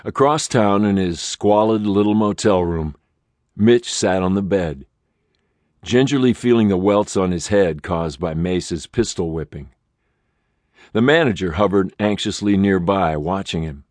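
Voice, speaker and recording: Slow, low-voiced male audiobook narrator. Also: no room sound, clean studio sound. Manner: slow, steady and measured. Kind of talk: scripted narration.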